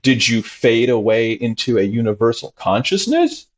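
A man, a doctor as interview guest, talking expressively and acting out his patients' voices with big jumps in pitch. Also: big pitch swings, normal speed. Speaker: integrative medicine doctor, guest. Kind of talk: animated conversational interview.

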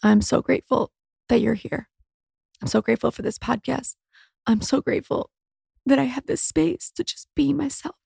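High, gravelly-voiced woman in her thirties. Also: moderate pace, a little mellow, no room sound, clean studio sound. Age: 30s. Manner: raw, candid, swears freely. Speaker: podcast host. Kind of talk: emotional solo podcast monologue.

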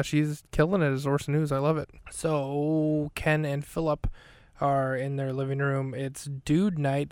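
A man's voice: mid-range voice, smooth, no echo, clean studio sound. A man hosting a podcast, recapping an episode in a casual, rambling way, full of fillers and self-corrections. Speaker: podcast host.

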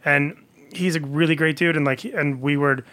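A man's voice: on the high side, steady tone, moderate pace, sharp tone. A man telling comedy-world stories in a casual podcast chat, rambling with many fillers. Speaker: comedian guest.

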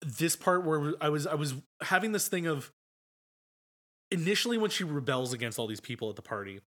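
A man co-hosting a film podcast, retelling scenes in a rambling, animated way with lots of restarts. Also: fairly high pitch, fairly quick. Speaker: podcast co-host. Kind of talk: casual film review chat.

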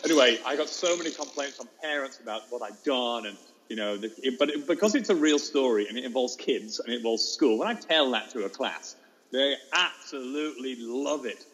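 A man, a teacher, telling a classroom story in a fast, lively way and acting out the children's voices. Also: medium pitch, rough recording. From England. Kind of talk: animated storytelling.

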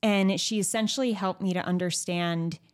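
A woman's voice: fairly low pitch, steady tone, normal speed. A young woman hosting a podcast, chatting candidly and frankly, with lots of fillers and some swearing. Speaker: podcast host. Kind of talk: candid casual chat.

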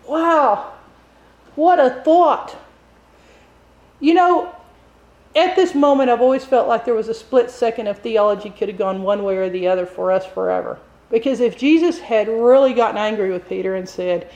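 A woman preaching a sermon, telling a story with animated delivery that climbs high and loud at dramatic moments. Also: measured pace, long pauses, roomy sound, low-quality recording.

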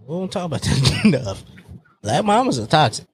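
A man talking in a casual group conversation, animated and joking, laughing often as he opens up. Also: a little high, a little fast, slightly rough, dry recording. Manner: animated, laughs often, jumps between jokes and confessions.

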